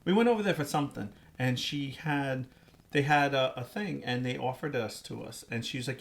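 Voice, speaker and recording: A man's voice: medium pitch, a little fast, vocal fry. A middle-aged man, a podcast co-host, telling a rambling story in casual chat, full of fillers and restarts. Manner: laughs through his words.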